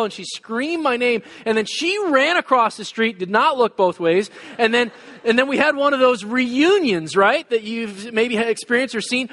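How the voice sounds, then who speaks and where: A pastor in his forties telling a personal story in a sermon, with many fillers and frequent throat clearing. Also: very high-pitched, fairly bright tone. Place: church hall. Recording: long hall reverb.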